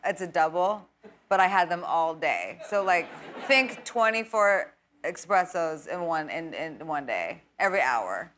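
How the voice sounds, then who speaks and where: A woman's voice: deep voice, measured pace, slight background noise. Laughing woman guest telling stories. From New York. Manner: animated, laughing storyteller. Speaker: talk show guest. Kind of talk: casual chat.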